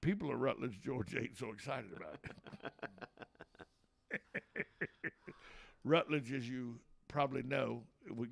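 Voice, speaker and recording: A man's voice: mid-range voice, vocal fry, fairly bright tone. A man hosting a local radio talk show, folksy, joking and opinionated.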